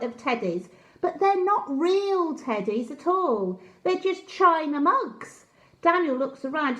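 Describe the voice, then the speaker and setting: A woman storyteller reading a picture book aloud to young children, gently asking them questions. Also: high-pitched. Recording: roomy echo.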